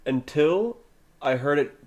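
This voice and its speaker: A young man on a casual podcast, dropping wry, deadpan asides. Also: fairly high pitch, slow. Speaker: podcast co-host. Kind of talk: casual chat.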